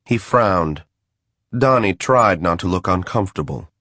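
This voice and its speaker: Deep-voiced man narrating a novel. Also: expressive, a little slow, a bit bright, no echo. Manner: dry, wry first-person storytelling. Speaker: audiobook narrator. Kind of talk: scripted narration.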